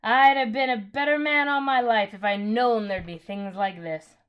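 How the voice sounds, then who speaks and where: A woman reading aloud, voicing a humble working-class cab driver with a rough, attempted accent, full of awe. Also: on the high side, fairly even intonation, normal speed, lo-fi sound, natural voice. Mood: awed.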